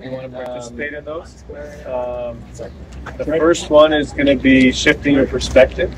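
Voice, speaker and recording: A man's voice: medium pitch, steady tone, moderate pace, a crowd in the background. A man casually briefing a group on a photo walk, easygoing and encouraging, outdoors on a busy city street. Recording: distant mic with loud street noise.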